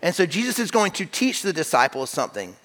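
Bright-voiced preacher in a reverberant hall. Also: male voice, high voice, very animated, fast. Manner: conversational, emphatic, with frequent restarts. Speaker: pastor. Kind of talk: sermon. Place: church sanctuary.

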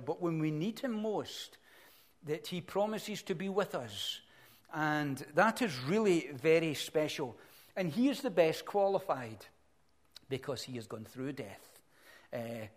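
A middle-aged man preaching a sermon in an earnest, reflective way, often pausing and restarting his sentences. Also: fairly high pitch, animated.

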